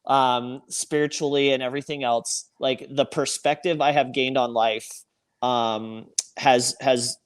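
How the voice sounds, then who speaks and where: A man's voice: mid-range voice, fairly even intonation, measured pace. A man speaking as a podcast guest, talking earnestly and reflectively with frequent restarts. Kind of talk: reflective conversation.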